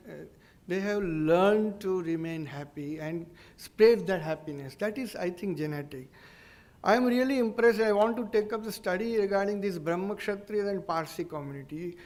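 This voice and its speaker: An Indian English man gives a public lecture as a neurologist. He speaks in a fairly high voice, earnest and explanatory, often pausing and restarting his sentences. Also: a little mellow.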